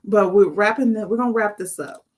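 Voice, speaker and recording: A woman's voice: medium pitch, fairly quick. A woman hosting a heartfelt spiritual talk as a life coach, speaking to the camera in an earnest, emotional way and often repeating her words. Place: indoors, on camera.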